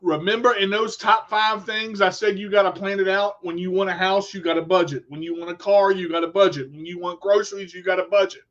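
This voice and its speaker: A man's voice: sits high, fairly even intonation, brisk, few pauses, fairly bright tone, lo-fi sound. A man hosting a motivational live show, preaching to viewers and calling them y'all, often repeating his words. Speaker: show host. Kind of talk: motivational live-stream talk.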